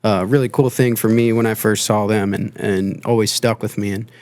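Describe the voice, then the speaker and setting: Low-voiced rambling musician, dry close sound. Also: male voice, fairly even intonation, moderate pace, a little mellow, dry recording. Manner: rambling, with many fillers and restarts. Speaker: band member and guest. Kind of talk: casual podcast conversation. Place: podcast studio.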